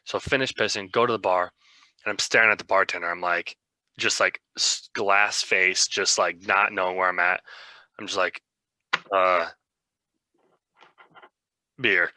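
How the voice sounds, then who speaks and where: A man's voice: deep voice, steady tone, moderate pace, bright, forceful tone, dry recording. A young man co-hosting a podcast, telling a rambling, self-mocking story in a casual way. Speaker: podcast co-host.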